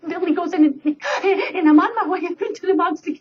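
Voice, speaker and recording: Woman playing a jittery goat, high, stammering and giggly, dull webcam sound. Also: a little fast, far from the mic. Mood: nervous. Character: nervous middle billy goat who stammers.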